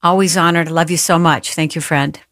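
A woman's voice: low-pitched, fairly even intonation, moderate pace, fairly bright tone, no room sound, clean studio sound. A woman guest author on a faith radio show, talking in an emphatic, affirming, preacherly way.

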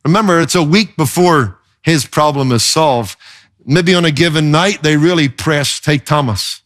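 A male pastor delivering a sermon with a slightly raised voice. He is emphatic and expressive, pushing his pitch up and down to drive points home. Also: moderate pace.

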